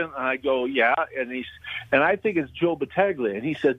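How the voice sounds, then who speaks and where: A man's voice: medium pitch, brisk, no echo. Older man from Canada telling rambling stories. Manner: rambling anecdotal storytelling with frequent fillers and chuckles. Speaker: guest comedian. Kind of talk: casual storytelling interview. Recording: dull lo-fi, dry sound.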